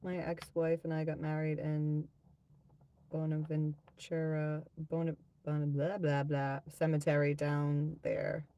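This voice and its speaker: A woman hosting a live tarot stream, taking her time as she chats casually with viewers and reads out their comments. Her speech is slow and relaxed. She swears freely along the way. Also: deep voice.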